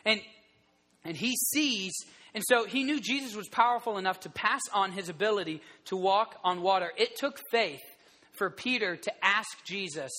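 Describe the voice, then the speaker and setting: A man in his thirties preaching a sermon to a group, telling the story in an animated way with many restarts. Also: sits high, moderate pace, in a large hall. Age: 30s.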